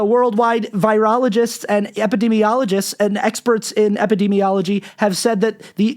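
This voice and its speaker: Worked-up male commentator, high voice, profane monologue. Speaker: political commentator. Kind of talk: ranting monologue.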